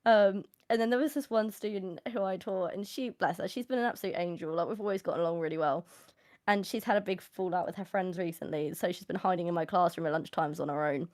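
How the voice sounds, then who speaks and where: A young woman, a teacher, telling animated stories on a live stream and laughing often. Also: lowish voice, fast talker, no echo, studio quality. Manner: animated storyteller, laughs often, acts out quotes. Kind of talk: casual chat on a live stream.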